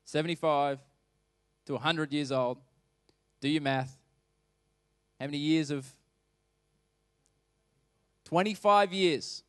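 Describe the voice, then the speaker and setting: A man's voice: a little high, little pitch movement, a little slow, long pauses, clean tone, dry recording, clean studio sound. Conversational, emphatic male pastor. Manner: conversational, emphatic, asks the congregation questions. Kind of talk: sermon.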